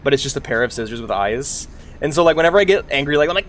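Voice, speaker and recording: A man's voice: mid-range voice, lively intonation, racing. A young adult man streaming a game, ranting casually and animatedly, swearing and laughing often. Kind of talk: casual rant while gaming.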